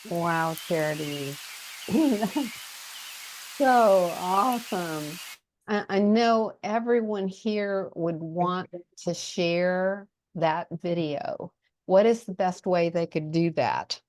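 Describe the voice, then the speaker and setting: A woman's voice: fairly low pitch, slow pace, darkish tone, dry recording. A woman hosting an online interview, encouraging and enthusiastic about her guest's video. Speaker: interviewer host. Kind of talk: casual interview.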